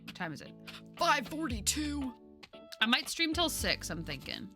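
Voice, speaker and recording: A woman streamer chatting casually over a game, excitable and laughing often as she reacts. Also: medium pitch, fairly quick, soft background music. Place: home streaming setup.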